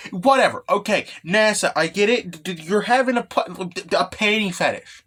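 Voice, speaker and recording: Brief: excitable man ranting through a casual recap, swearing, bright and animated. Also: high voice, normal speed, a little hiss or hum. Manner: excitable, rambling, swears, many fillers. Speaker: manga recap vlogger.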